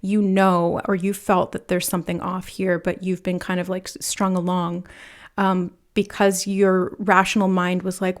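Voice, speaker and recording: A woman giving a pick-a-card tarot reading, talking in a lively way, full of fillers, and acting out the voices she quotes. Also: lowish voice, takes it slowly, pauses often. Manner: animated, talks with many fillers and acts out quoted voices. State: nervous, laughing from nerves. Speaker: tarot reader.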